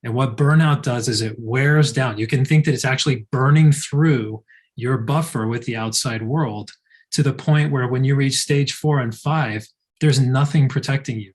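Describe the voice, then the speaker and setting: Calm man explaining burnout. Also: medium pitch. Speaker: co-host of a wellness live session. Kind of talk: casual talk.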